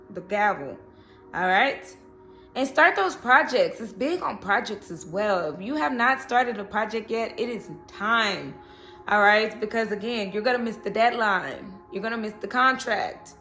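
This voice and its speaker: A woman's voice: medium pitch, fairly bright tone. Woman, tarot reader, casual chatty delivery, frequent check-ins, faint music under her voice. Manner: chatty, repeats "okay?" and "you know".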